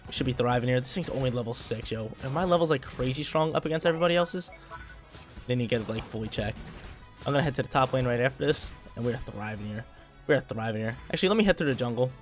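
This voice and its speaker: Fast-talking hyped gameplay commentator man. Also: medium pitch, expressive, faint music behind. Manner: hyped, trash-talking, repeats phrases.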